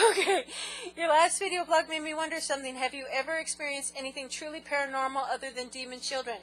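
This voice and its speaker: Bright, slightly high woman vlogger; giggly, rambling and self-mocking. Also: fast, rough recording. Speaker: vlogger answering viewer questions. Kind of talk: casual chat.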